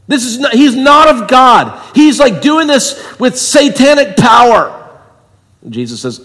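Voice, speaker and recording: A man's voice: very high voice, big pitch swings, measured pace, fairly bright tone, big-room sound. A man preaching an expository sermon, emphatic and acting out the voices he quotes. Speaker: pastor.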